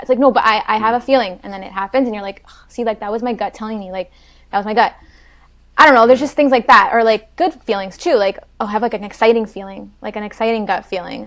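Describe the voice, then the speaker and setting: A woman's voice: mid-range voice, a bit bright. A young woman talking as a podcast guest in casual chat, chatty and filling her talk with "like". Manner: fast and chatty, fills talk with "like". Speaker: podcast guest, Pilates instructor.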